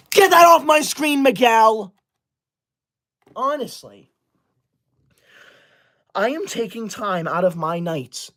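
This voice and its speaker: A man voicing a prissy, self-righteous schoolboy livestreamer and teacher's pet, scolding and banning his viewers with quick outrage in a comedy sketch. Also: sits high, a bit bright. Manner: indignant, scolding, easily outraged.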